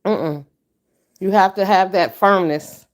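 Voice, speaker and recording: A woman hosting a casual livestream chat, blunt and stern, talking back to her viewers. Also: slow pace. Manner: blunt, profane and stern, with animated pitch jumps. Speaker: livestream host.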